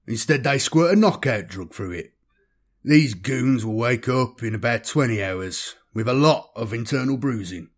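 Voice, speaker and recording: A man's voice: mid-range voice, lively intonation, moderate pace, lightly acted. A man voicing a seasoned, cynical male space traveller who talks in an amused drawl, in a science-fiction audiobook. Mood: wry.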